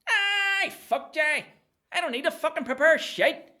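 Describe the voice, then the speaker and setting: A man voicing a brash, foul-mouthed male comedy character who rants and shouts. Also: extremely high pitch, animated, unhurried, voice pushed up, full character voice. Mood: aggressive ranting. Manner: shouty, swearing, aggressive.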